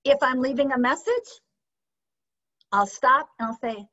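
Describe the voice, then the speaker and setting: A woman teaching a sales training session, lively and often checking in with her audience with questions. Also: high-pitched, moderate pace. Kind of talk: training session on a video call. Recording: slightly dull lo-fi sound.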